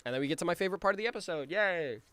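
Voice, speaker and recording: A man giving casual creator commentary on his own cartoon, rambling with many ums and restarts, and now and then acting out his characters' lines in quick voices. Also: sits high, expressive, fairly bright tone, slight background noise.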